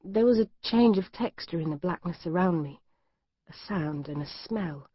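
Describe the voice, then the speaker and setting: A woman's voice: fairly low pitch, lively intonation, moderate pace, no echo. A woman reading a thriller aloud, in tense first-person narration. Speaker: audiobook narrator. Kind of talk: scripted narration. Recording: dry, slightly dull studio.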